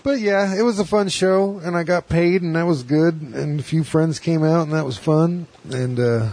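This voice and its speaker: A man's voice: fairly high pitch, normal speed, darkish tone, no echo. A man who does stand-up, chatting casually and rambling through anecdotes, acting out the people he quotes. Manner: rambling storyteller, acts out quotes with laughs. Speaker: stand-up comedian. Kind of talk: casual chat.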